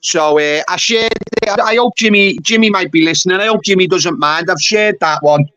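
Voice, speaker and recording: A man's voice: high voice, normal speed, sharp tone, no room sound. A man from England hosting a casual livestream chat, blunt and swearing, tacking "mate" onto nearly every sentence. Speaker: YouTube livestream host.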